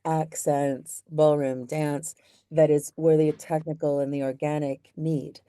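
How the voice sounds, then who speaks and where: A woman's voice: low-pitched, flat delivery, a little slow, mellow, clear, resonant tone, dry recording. A woman hosting an interview, affirming her guest with frequent listening sounds and chiming in with points of her own. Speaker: interview host. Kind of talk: casual interview talk.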